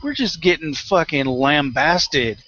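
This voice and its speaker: A man's voice: a little high, expressive, slow pace, sharp tone, muffled recording. A man co-hosting a talk show, ranting bluntly about politics with heavy swearing and acted-out dialogues. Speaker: podcast co-host. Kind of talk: profane political rant.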